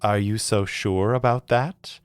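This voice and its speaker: A woman's voice: extremely low pitch, steady tone, measured pace, darkish tone, clean tone, no echo, faint music behind, voice pushed up. A man voicing a cold, menacing female sorceress who speaks through a reflection.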